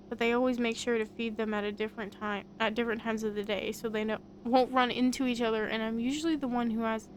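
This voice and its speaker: A woman's voice: on the high side, slight background noise, natural voice. A woman voicing a laid-back young man in a visual novel, talking in a casual, slangy, gossipy way.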